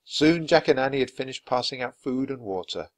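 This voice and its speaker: A man reading a children's chapter book aloud at a clear, natural pace for language learners. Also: mid-range voice, expressive, a little fast. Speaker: storyteller.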